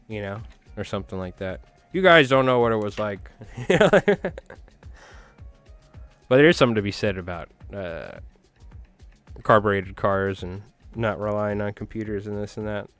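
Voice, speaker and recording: A man's voice: fairly low pitch, a bit bright, clear, resonant tone, dry recording. A man hosting a fly tying live stream, chatting casually with viewers and rambling through anecdotes with frequent chuckles. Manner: rambling storyteller, chuckles often, talks to chat.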